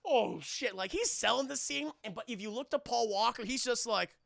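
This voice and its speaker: A man chatting casually on a livestream, retelling a film scene in an animated, profane way and laughing often. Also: very high voice, a little fast, gravelly, dry recording, clean studio sound. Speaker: streamer reviewing a film.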